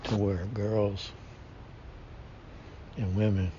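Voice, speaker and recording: Flat in delivery and drawing out his words, a podcast host rambles through a slangy casual monologue, restarting often and leaning on fillers. The recording has a dull lo-fi quality with a faint rumble underneath.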